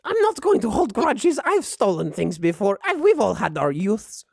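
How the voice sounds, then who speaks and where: A woman voicing a bossy, cranky old grandmother who rules a small island port, talking in a loud, booming way in a tabletop game. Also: huge pitch swings, normal speed, creaky, no room sound, clean studio sound, heavily acted. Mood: scolding. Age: older.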